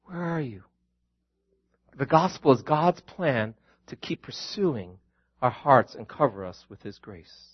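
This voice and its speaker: A man's voice: mid-range voice, big pitch swings, unhurried, slightly rough, lo-fi sound. A man preaching a sermon as a pastor, earnest, calling his listeners friends and repeating key lines.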